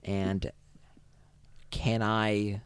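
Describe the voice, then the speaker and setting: A young man chatting casually on a voice call, loud, teasing and swearing often, laughing easily. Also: lowish voice, little pitch movement, drawn-out words, clean tone, no room sound, clean studio sound. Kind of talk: casual chat.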